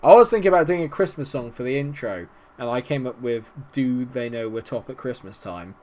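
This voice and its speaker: A young man commentating on his football management game, swinging from low muttering to excited shouting. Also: brisk. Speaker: gaming YouTuber. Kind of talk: let's-play commentary.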